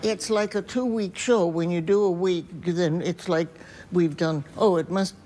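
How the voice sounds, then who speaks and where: Chuckling older actress telling stories. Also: female voice, lowish voice, fairly even intonation, unhurried, warm tone. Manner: chuckling storyteller, self-deprecating. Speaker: talk show guest, actress. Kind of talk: anecdotal talk show chat. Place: TV studio.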